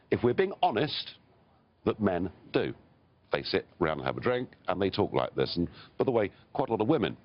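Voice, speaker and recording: A man's voice: low voice, muffled recording, slight background noise. An English man speaking as a political guest in a live TV interview, blunt and emphatic, chuckling between points. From Britain.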